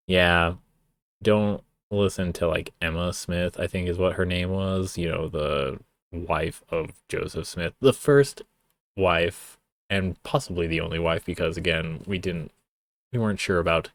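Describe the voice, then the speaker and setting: A man's voice: low voice, takes it slowly, dry recording. A young man giving casual stream commentary, sarcastic and profane, wandering off into rambling asides. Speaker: streamer reacting to a song.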